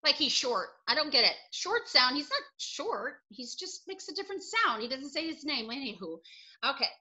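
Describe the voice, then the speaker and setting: A woman teaching a children's alphabet lesson, excitable and exclaiming often. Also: sits high, moderate pace, low-quality recording.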